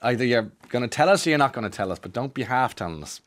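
An Irish man presents a radio show in a fast, animated, mid-range voice. His casual monologue rambles, with plenty of restarts and asides.

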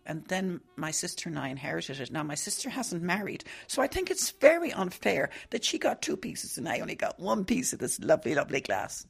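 A woman's voice: fairly low pitch, sing-song, brisk, creaky, few pauses, husky. An older woman from the United States, talking fondly and wistfully about family heirlooms. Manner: fond, wistful. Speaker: interviewee. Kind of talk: casual chat.

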